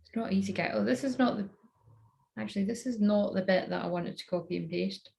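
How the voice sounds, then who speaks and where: Fiddling with her phone and muttering to herself, a woman gives a casual tarot reading on a live stream. Her medium-pitched voice is gravelly and a little mellow, and she talks fairly quickly. She pokes fun at herself and swears freely as she chats.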